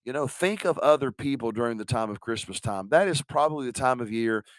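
Pastor preaching conversationally. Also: male voice, medium pitch, lively intonation, brisk, no room sound. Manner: conversational preaching with rhetorical questions. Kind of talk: sermon.

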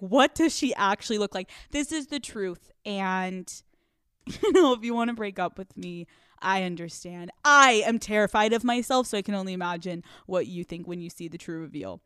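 A woman's voice: medium pitch, clear, resonant tone, dry recording. A young woman hosting her podcast, talking on a studio mic in a very dry, close sound with no room around her. She speaks in a mid-range voice, candid and profane, breaking into laughs mid-sentence. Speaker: podcast host. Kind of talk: casual confessional podcast monologue.

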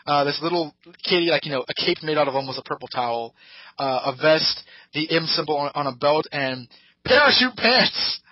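An animated man with a fairly high voice, speaking at normal speed, recaps an episode for his podcast in a rambling, halting way. He slips into put-on character voices, and the podcast-mic audio is lo-fi with no room sound.

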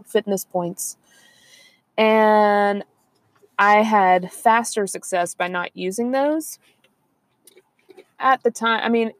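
A woman's voice: medium pitch, dry recording. A woman, chatting casually and rambling on a podcast, laughing often. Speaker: podcast co-host. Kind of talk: casual chat.

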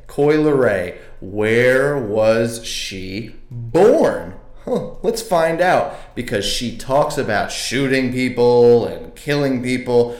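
A man rants in a comic monologue, indignant and foul-mouthed, tripping over his own restarts. His pitch swings widely while his delivery stays slow and drawn out. The voice bounces around a roomy, echoing space. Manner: indignant, profane, stammering restarts. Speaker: podcast host. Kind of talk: comedic rant.

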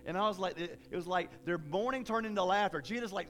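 A man preaching a sermon in a casual, folksy way, with animated bursts of emphasis. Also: high voice, fast talker, slight background noise.

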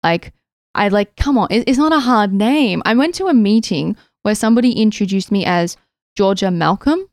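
A young woman co-hosting a podcast, reading listener messages and chatting in an animated way. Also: mid-range voice, normal speed, no echo, studio quality. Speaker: podcast co-host. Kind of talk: casual chat.

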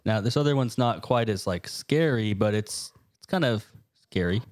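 A man's voice: on the low side, moderate pace, a little mellow, no echo, clean studio sound. A man co-hosting a casual podcast, telling stories in a laid-back, matter-of-fact way. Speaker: podcast co-host. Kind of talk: casual chat.

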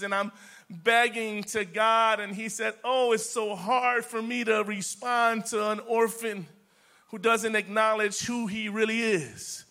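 A man preaching a sermon to his church, swinging between loud declarations and soft whispers and repeating words for emphasis. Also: high voice, flat delivery, measured pace. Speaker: pastor.

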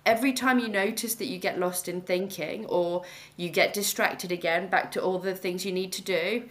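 A woman's voice: fairly low pitch, steady tone, normal speed. A woman, a mindfulness teacher chatting casually on a podcast in a reassuring, talkative way.

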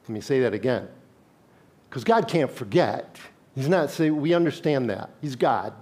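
A man's voice: mid-range voice, animated, normal speed, a little mellow. A male pastor preaching a sermon in a conversational way, reading scripture and putting questions to his congregation.

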